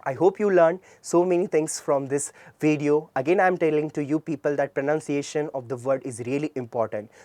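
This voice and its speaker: A man's voice: on the high side, fairly quick, few pauses, a little mellow, no echo. A man with an Indian English accent giving an earnest tutorial lecture on communication skills, often asking a question and then answering it himself. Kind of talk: classroom-style tutorial lecture.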